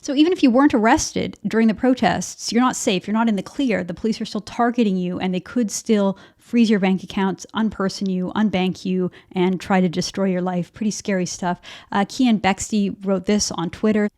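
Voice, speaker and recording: A woman's voice: mid-range voice, normal speed, few pauses, a little mellow. A woman delivering opinionated news commentary in an indignant, emphatic manner, often repeating words.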